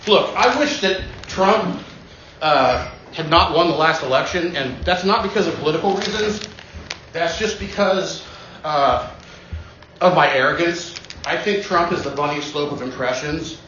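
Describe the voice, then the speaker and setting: A man's voice: a little high, unhurried, a bit bright, a little hiss or hum. A man in his forties from Western Kansas, doing an open-mic stand-up set in a small cafe with a dry, rambling delivery. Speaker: stand-up comedian. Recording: echoey dull lo-fi room recording.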